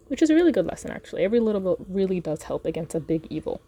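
A woman's voice: lowish voice, very animated, very fast, warm tone, husky. A woman hosting a podcast, chatting casually about a book reread with laughs and fillers. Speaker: podcast host.

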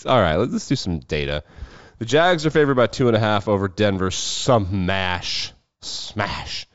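A man hosting a casual solo sports talk show, profane and wry with quick asides. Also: fairly low pitch, big pitch swings, dry recording, muffled recording. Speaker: sports betting show host.

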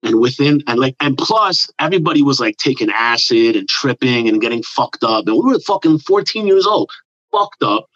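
Speaking at normal speed with a medium-pitched voice, a comedian guest from around New York spins a rambling, foul-mouthed story in relaxed podcast talk. His animated put-on quotes come through a dull, dry, lo-fi recording with no room sound.

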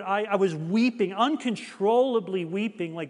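A man's voice: high voice, normal speed, few pauses, long reverb tail. A middle-aged man preaching a sermon, telling a personal story in an earnest, confessional way.

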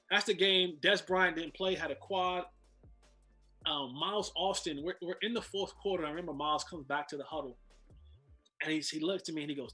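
Host, man, high voice, faint music behind, animated storyteller. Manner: animated, repeats words when excited. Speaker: podcast host, former football player. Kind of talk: casual storytelling.

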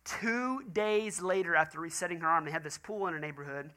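A pastor delivers a sermon, his fairly quick, higher-pitched male voice bringing stories to life as he acts out the quoted voices of different characters with animated energy.

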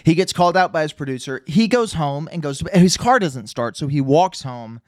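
Guy rambling sarcastically through a movie plot, kinda high voice, dry close sound. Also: animated, a little fast, no room sound. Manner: rambling, sarcastic storytelling with many fillers. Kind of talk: casual movie recap chat.

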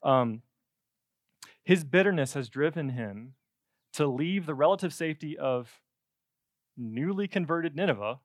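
A man preaching a sermon in a conversational, animated way, with joking asides. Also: on the high side, unhurried, long pauses, no room sound, clean studio sound.

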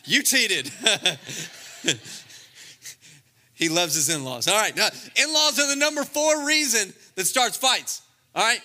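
A man delivers a comic sermon. His voice sits high and swings widely in pitch, with a very bright, sharp edge. He plays to the crowd and slips into funny voices for the scenes he retells. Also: sing-song, measured pace, pauses often. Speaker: pastor. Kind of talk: lively comedic sermon.

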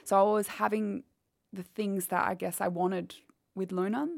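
A woman's voice: medium pitch, flat delivery, moderate pace, vocal fry, a little mellow, dry recording, clean studio sound. A woman, telling a painful personal story candidly in an interview. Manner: candid, quotes others as she retells. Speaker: guest.

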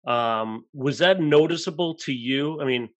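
A man's voice: medium pitch, measured pace. Chatty man co-hosting an interview. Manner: conversational, keeps checking in with "right?". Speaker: podcast co-host. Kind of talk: casual interview.

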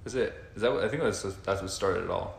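A man co-hosting a casual podcast chat, easygoing and quick to laugh. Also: low voice, creaky, reverberant.

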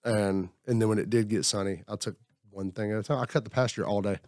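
A fast-talking man with a low, darkish, steady voice rambles about his week during casual group talk at a table. Self-reflective, he acts out what others said. The studio sound is clean, with no echo.

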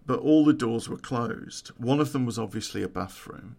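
A man's voice: medium pitch, normal speed, creaky, a little mellow. A man, telling a true-crime story in a casual, profane way and laughing at his own story.

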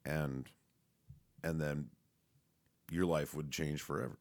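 A man with a very low, deep voice talks in a loose, rambling monologue. He swears freely, leans on fillers and restarts, and laughs now and then as he goes. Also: fairly even intonation, slow pace, creaky, a little mellow. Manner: laughs often while talking.

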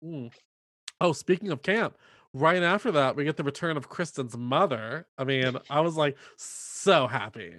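A man co-hosting a podcast, recapping a film in casual chat and jumping into quick character impressions. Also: on the high side, no echo, studio quality. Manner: animated, mimics characters in quick bursts. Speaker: podcast co-host.

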